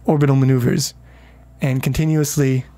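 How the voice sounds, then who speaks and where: A man's voice: mid-range voice, little pitch movement, normal speed, dark tone. A man casually commenting on his game during a livestream, rambling, swearing freely and chatting with viewers. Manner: rambling, profane, talks to chat.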